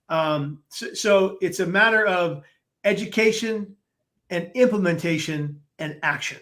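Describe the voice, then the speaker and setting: A man, speaking as a podcast guest. His voice sits fairly high for a man. He talks slowly and deliberately. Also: a bit bright. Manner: measured, deliberate speech. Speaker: interview guest. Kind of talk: podcast interview.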